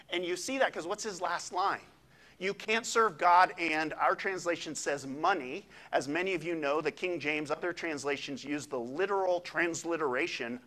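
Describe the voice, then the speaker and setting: A man, a pastor, preaching a sermon in a conversational, animated way with quick asides. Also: on the high side.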